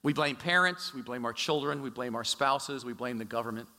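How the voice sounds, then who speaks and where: A man preaching a sermon in a church, chatty and animated, with frequent asides and restarts. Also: medium pitch, fairly quick. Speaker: pastor. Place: church sanctuary. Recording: echoey large hall.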